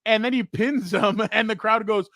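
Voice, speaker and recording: Excitable man talking wrestling, higher voice. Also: normal speed, gravelly, no echo, clean studio sound. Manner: excitable, laughs while retelling stories; acts out other people's lines in a raised voice. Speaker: podcast co-host. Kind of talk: casual sports chat.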